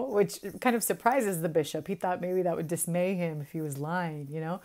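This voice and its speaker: A woman with a Southern US accent casually retelling a sacred story, chatty and quick to laugh at her own jokes. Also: fairly low pitch, a little mellow. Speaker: spiritual storyteller.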